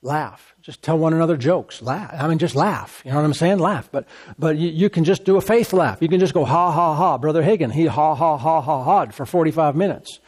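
A male pastor preaches with emphatic, repetitive phrasing. He breaks into deliberate laughs as he makes a point. His voice sits a bit higher than most men's. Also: a little mellow, breathy edge. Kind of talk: sermon.

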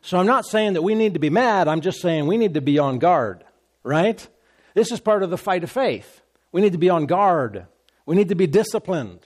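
A man's voice: high voice, animated, moderate pace, darkish tone. A man preaching a sermon as a pastor, in a conversational tone, repeating phrases and asking the congregation "Amen?".

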